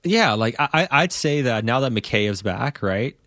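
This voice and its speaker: A man's voice: mid-range voice, animated, moderate pace, a bit bright, no echo, clean studio sound. A man hosting a sports talk podcast, laying out his analysis with rhetorical questions. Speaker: podcast host.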